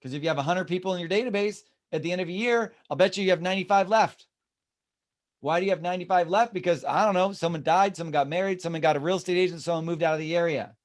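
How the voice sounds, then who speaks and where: A man's voice: sits high, quick pace. A man leading a real estate team meeting, talking animatedly and acting out the people he quotes. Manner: animated, acts out quoted voices.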